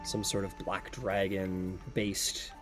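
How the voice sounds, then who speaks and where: A man narrating a tabletop game as game master, relaxed and heavy with fillers. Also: sits low, slow, over music.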